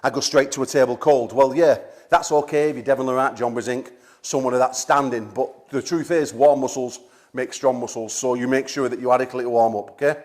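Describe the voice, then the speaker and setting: A man coaching arm wrestling in a gym seminar, a little out of breath, energetic and checking in with "okay?" often. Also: mid-range voice, fairly quick. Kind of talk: instructional seminar demonstration.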